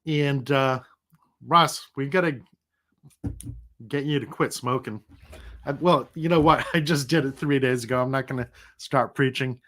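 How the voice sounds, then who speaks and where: A man's voice: medium pitch, measured pace, long pauses, fairly bright tone. A middle-aged man who is sick and recovering, hosting a casual livestream and chatting in a rambling, easygoing way, laughing now and then. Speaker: livestream host.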